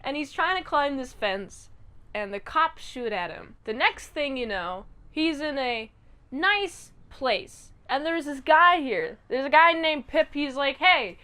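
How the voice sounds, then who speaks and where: High-voiced chatty woman reviewer. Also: measured pace. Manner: chatty and animated, acts out quotes. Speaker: show reviewer. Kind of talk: casual episode recap.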